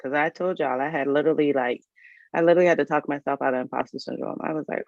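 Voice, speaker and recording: A woman's voice: sits low, steady tone, fast talker, gravelly, a little mellow, no echo, highs cut off. A woman, hosting a live resume review in a casual, folksy, chatty way and talking straight to her viewers. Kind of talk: casual livestream chat.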